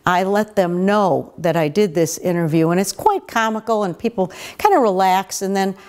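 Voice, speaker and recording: A woman's voice: medium pitch, animated, normal speed, a little mellow. A woman talking earnestly about her work in an interview. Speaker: motivational speaker. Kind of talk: interview talk.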